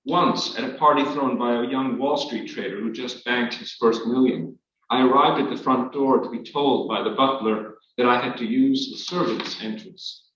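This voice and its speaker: Guy reading his memoir out loud, wry and measured, boomy hall sound, kinda far off and muffled. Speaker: author reading his work. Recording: echoey hall, distant, dull.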